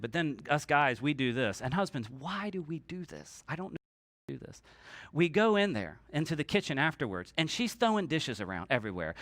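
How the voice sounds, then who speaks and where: High-voiced man preaching a sermon. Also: a bit bright, dry recording. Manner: conversational, acts out quoted voices, asks the congregation to repeat lines. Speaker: pastor. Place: church sanctuary.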